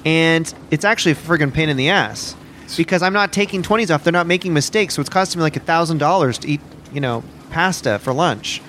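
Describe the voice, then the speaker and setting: A man's voice: fairly high pitch, a little fast, fairly bright tone, a little hiss or hum. A man co-hosting a comedic podcast outdoors on a boat deck, brash, boastful and tipsy. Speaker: podcast co-host.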